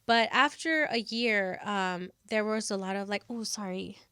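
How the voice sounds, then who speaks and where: A woman's voice: mid-range voice, a little slow, bright, forceful tone, clean tone, no room sound. A woman co-hosting a podcast in casual chat, talking in rambling runs full of fillers and restarts. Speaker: podcast co-host.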